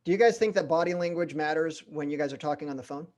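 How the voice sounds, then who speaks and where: Running a sales training session, a middle-aged man with a slightly high voice speaks animatedly, varying his pace and pausing for emphasis.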